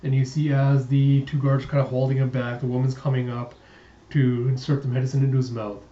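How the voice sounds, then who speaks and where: A man casually reading through a comic and chatting about it with relaxed asides. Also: medium pitch, fairly quick. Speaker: comic readthrough host. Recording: roomy, distant, dull lo-fi sound.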